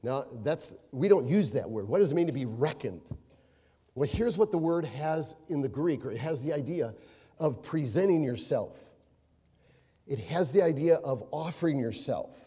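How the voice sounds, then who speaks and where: A man's voice: on the high side, animated, normal speed, dark tone, husky. A middle-aged man preaching a sermon, hammering key words through repetition and breaking into anecdotes with a chuckle. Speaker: pastor. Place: church sanctuary. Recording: long reverberant hall.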